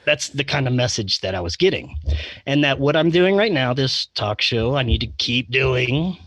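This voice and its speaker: Male podcast guest, middle-pitched, casual and rambling with fillers, dry recording. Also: expressive, moderate pace, a bit bright, no room sound. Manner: rambling, full of fillers and restarts, with chuckles. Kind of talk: casual interview storytelling.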